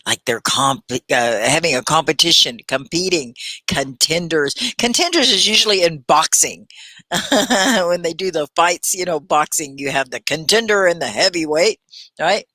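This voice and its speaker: A woman teaching a live online English class, speaking with careful, clear diction and warm encouragement as she reads out her students' comments. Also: deep voice, lively intonation, normal speed, no room sound. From Texas. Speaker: ESL teacher. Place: at home in central United States.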